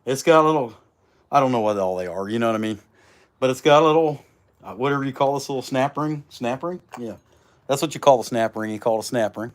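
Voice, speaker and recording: Folksy man, slightly rough voice from illness, rambling livestream host talking while he works. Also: medium pitch, quick pace. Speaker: chainsaw carver hosting a livestream. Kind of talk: casual livestream chat while working.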